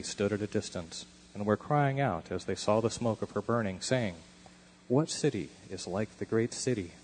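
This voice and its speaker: A man reading a long scripture passage aloud in a measured, solemn manner. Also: lowish voice, a little mellow, a little hiss or hum, low-quality recording. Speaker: scripture reader.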